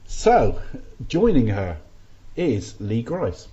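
A man's voice: mid-range voice, wildly swooping pitch, drawn-out words, noisy background. A man hosting a casual film podcast, chatty and often restarting his sentences. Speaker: podcast host. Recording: dull lo-fi podcast audio.

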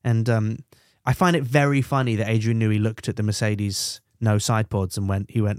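A man's voice: fairly low pitch, steady tone, normal speed, smooth, dry recording, clean studio sound. A man co-hosting a podcast in casual chat, running through results with jokes. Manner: jokey, runs through race results with silly voices. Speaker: podcast co-host.

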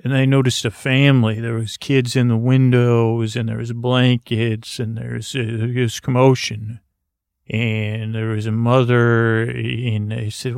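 A man spins an improvised comic yarn in a deadpan, rambling manner. His voice has a gravelly edge and stays flat in pitch. The sound is dry and close, with no room around it. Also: a little slow, no room sound. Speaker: storyteller. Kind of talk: improvised comic story narration.

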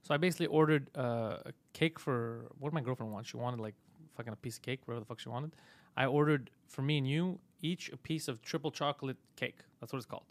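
A man's voice: medium pitch, fast talker, no room sound. A man hosting a comedy podcast, teasing his co-host and telling a story in casual, profane chat. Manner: teasing, swears a lot, acts out quotes.

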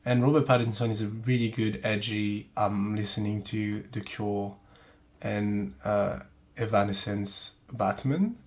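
A man's voice: fairly low pitch, steady tone, a little slow, a little mellow. Man, French accent, French native speaker, podcast host, nasal from pollen, swearing, rambling, self-mocking, casual chat. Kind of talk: casual chat and reading aloud.

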